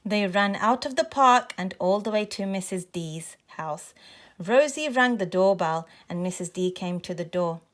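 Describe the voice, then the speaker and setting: A woman reading a children's story aloud in a clear, expressive way. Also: mid-range voice, measured pace.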